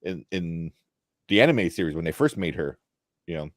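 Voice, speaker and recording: A man's voice: low voice, lively intonation, moderate pace, no room sound, studio quality. A man co-hosting a casual live chat show, easygoing, with lots of fillers and agreeing asides. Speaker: co-host.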